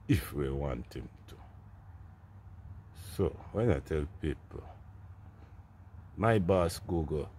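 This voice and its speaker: A man's voice: extremely low pitch, darkish tone, a little hiss or hum. A man with a Jamaican accent chatting casually into his phone while walking a street at night, rambling and laughing in patois. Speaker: vlogger. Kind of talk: casual walking vlog monologue. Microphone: phone carried while walking.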